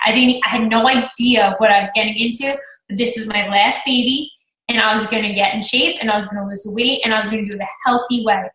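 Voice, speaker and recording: Woman in her 30s, chatty storyteller, bright and kinda high, echoey room. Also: fairly even intonation, fast talker. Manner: chatty, acts out her own past thoughts. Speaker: team coach sharing her story. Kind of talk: personal testimonial on a group call.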